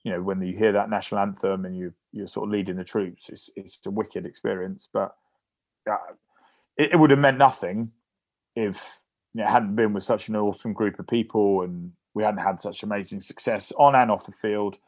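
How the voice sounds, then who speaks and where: A man from England, a former rugby player, telling animated anecdotes in a casual interview, with many fillers and restarts. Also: fairly low pitch, normal speed, dry recording, clean studio sound.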